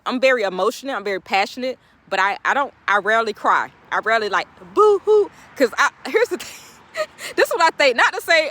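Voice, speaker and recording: A woman motivational speaker, talking outdoors in an animated, laughing vlog pep talk. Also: medium pitch. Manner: animated, laughing often, talking straight to viewers. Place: outdoors, birds in background.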